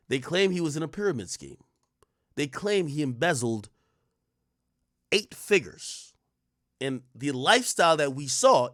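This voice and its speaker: A man in his thirties, a streamer host, telling a story in casual, profane street slang, jumping from loud bursts to muttered asides. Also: on the high side, no room sound, studio quality.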